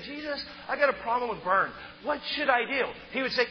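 A man preaching a sermon, emphatic and stressing key words loudly. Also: very high voice, lively intonation, fairly quick, few pauses, a little hiss or hum. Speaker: pastor. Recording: muffled sound in a reverberant hall.

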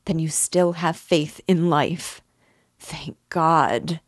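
A woman's voice: sits low, very slow, dry recording, studio quality, heavily acted. A woman reading the lines of an anxious, loving young sister in a novel, pleading and anguished. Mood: relieved.

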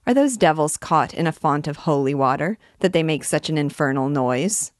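A man's voice: a little high, lively intonation, normal speed, no room sound, studio quality, natural voice. A woman voicing a haughty, dismissive male churchman in a storybook reading. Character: bored haughty male cardinal, amused and dismissive.

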